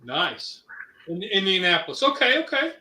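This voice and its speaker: A bright, high-toned man from Ohio chats casually on a cooking show, rambling and stopping for fillers as he goes. He sounds a little off-mic in a roomy space. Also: very animated, far from the mic. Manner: rambling, halting, many fillers. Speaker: co-host.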